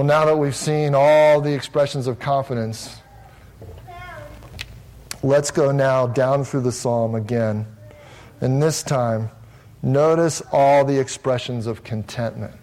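A pastor with a mid-range, slightly mellow voice preaches a sermon, going through a psalm verse by verse. He is earnest and emphatic, often restarting his phrases.

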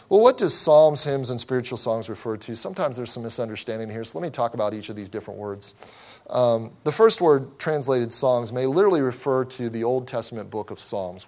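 A middle-aged man delivers a sermon in a loose, talky way, often restarting his sentences and slipping in wry sarcasm. His voice sits at an ordinary middle pitch. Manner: conversational, self-correcting, lightly sarcastic. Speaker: pastor.

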